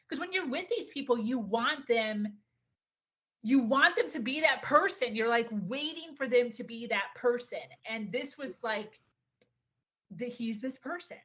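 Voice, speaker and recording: A young adult woman telling a personal story in a casual, animated way, often saying "like" and acting out what people said. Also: fairly high pitch, measured pace. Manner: animated, acts out quotes, says "like" often. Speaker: podcast guest.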